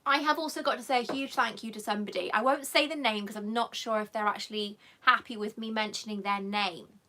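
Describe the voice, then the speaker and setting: A woman's voice: fairly high pitch, steady tone, fairly quick, bright, forceful tone. A woman hosting a live stream, chatting affectionately with viewers in a rambling, emotional way and coming close to tears. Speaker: channel host.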